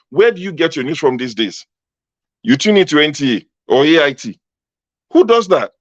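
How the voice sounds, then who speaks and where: A man's voice: sits high, very animated, brisk, fairly bright tone, dry recording, muffled recording. A Nigerian man with a Nigerian accent arguing politics in a heated panel debate, mocking and combative, repeating words as he cuts in.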